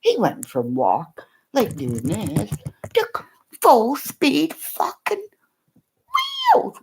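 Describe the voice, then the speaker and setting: An older woman chatting casually to her viewers, telling animated stories full of exclamations and swearing. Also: medium pitch, slow, gravelly, slight background noise. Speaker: vlogger. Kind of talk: casual chat.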